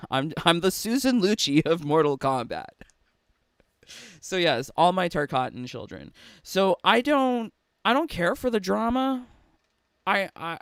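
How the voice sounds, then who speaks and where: A man's voice: a little high, creaky, clear, resonant tone, no echo, clean studio sound. A man giving a casual, chatty commentary monologue as a gaming YouTuber, laughing between phrases and restarting often.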